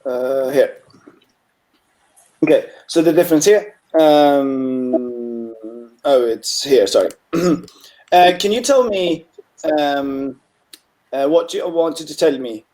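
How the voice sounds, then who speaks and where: A man tutoring a student in Chinese over a call, encouraging and relaxed, with frequent fillers and throat clearing. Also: fairly high pitch, slow pace, pauses often. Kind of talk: online tutoring session.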